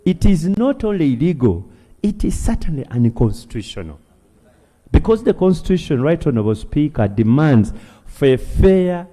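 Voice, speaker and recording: A man's voice: a little high, sing-song, moderate pace, warm tone. A man with a Ugandan English accent addressing parliament, speaking with mounting, emphatic outrage. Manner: impassioned, rising to emphatic outrage. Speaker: legislator. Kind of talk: parliamentary speech. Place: parliament chamber. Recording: long reverb of a large chamber.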